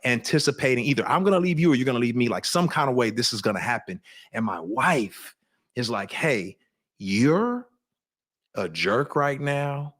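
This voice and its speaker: A man speaking as a guest on an interview show, with an ordinary middle pitch. He talks earnestly and confessionally, reflecting as he goes. He often restarts sentences mid-thought. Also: a bit bright. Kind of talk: candid personal storytelling.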